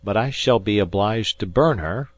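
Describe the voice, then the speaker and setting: A man voicing a cool, precise English gentleman who speaks with calm, measured authority in an audiobook. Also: on the low side, dry recording, natural voice. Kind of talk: audiobook character voice.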